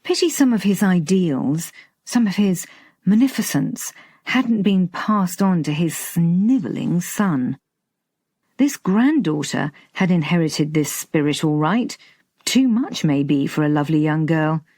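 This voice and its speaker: A woman narrating an audiobook in a measured, lightly expressive style. Her voice is low and a little husky, and she reads slowly. The recording is close and dry. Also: dry recording. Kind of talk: scripted narration.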